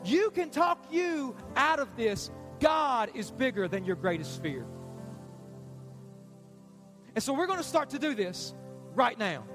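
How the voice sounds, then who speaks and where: A pastor giving an urgent, repetitive altar call in a church sermon. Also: male voice, very high-pitched, sing-song, measured pace, pauses often, music in the background. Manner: urgent, repetitive, pleading preaching. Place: church stage.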